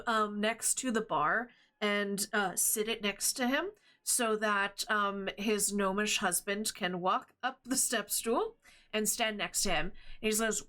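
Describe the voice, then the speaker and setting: A woman's voice: mid-range voice, pushed and bright, smooth. A woman running a tabletop game as game master, narrating in a rambling, hesitant way with many fillers. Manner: rambling, hesitant, laughs often.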